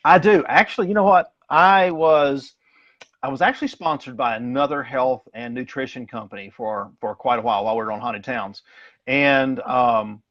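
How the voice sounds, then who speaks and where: A man's voice: medium pitch, moderate pace, fairly bright tone, no echo. Man, chatty and rambling, talking over his phone, dull dry sound. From Tennessee. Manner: rambling, self-deprecating, laughs often. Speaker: guest. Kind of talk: casual chat. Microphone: phone on a video call.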